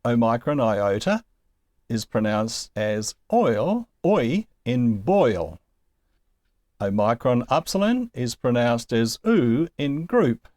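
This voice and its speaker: A man teaches Greek pronunciation in a slow, unhurried way, and his pitch rises and falls a lot as he explains. He sounds patient and careful and sometimes gives a small chuckle. The sound is dry and close, with no room echo. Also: darkish tone. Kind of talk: recorded lesson.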